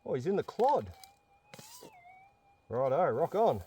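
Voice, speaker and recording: A man's voice: on the high side, very animated, takes it slowly, warm tone, a little hiss or hum. Chatty man outdoors in the bush. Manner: chatty, talks straight to viewers. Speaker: metal detecting channel host. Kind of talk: outdoor narration while detecting.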